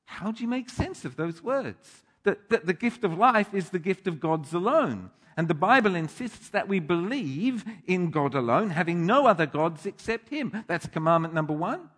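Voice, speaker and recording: A man delivers a sermon in a somewhat high voice, thoughtful and emphatic, leaning into key words. His voice carries a long reverb, as if in a large church hall. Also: a bit bright. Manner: thoughtful, emphatic, with restarts and rising stress. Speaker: preacher.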